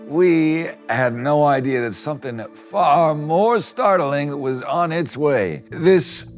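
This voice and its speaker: A man's voice: on the high side, expressive, takes it slowly. A man doing a rambling old storyteller over music. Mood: reminiscing. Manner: tall-tale storyteller, theatrical. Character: rambling old man recalling early cinema. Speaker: interviewee in a comic short film.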